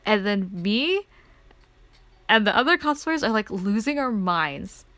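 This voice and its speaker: Excitable woman rambling through a story. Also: mid-range voice, unhurried, dry recording. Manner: excitable, rambling, lots of "like" fillers. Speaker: streamer. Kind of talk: casual story time chat.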